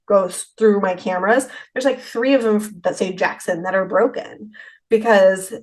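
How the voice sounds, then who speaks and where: A middle-aged woman talking as a podcast guest in a relaxed, rambling way, with many restarts and trailing clauses. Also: medium pitch, rough recording. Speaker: haunted rental owner, podcast guest. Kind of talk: casual interview chat.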